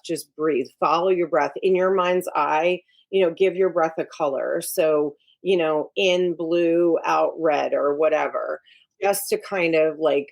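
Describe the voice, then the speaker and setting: Low-voiced woman coach, frank and emphatic. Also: vocal fry. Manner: frank and emphatic, giving advice. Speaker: executive coach, podcast guest. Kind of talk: casual interview talk.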